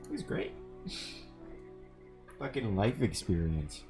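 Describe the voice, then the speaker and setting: A man's voice: on the low side, sing-song, very slow, music in the background. A male streamer casually telling a story while gaming, profane, sardonic and amused.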